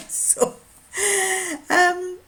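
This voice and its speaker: A woman's voice: drawn-out words, pushed and bright. An older woman from northern England, chatting casually in a rambling, anecdotal sewing vlog. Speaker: sewing vlogger. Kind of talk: casual chat.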